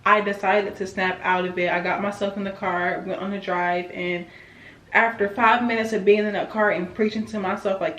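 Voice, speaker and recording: A woman's voice: medium pitch, flat delivery, moderate pace, fairly bright tone, lo-fi sound. Young woman, casual vlog, candid and emotional, pep-talking herself, roomy echo. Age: 20s. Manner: candid, emotional, self-encouraging. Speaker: vlogger.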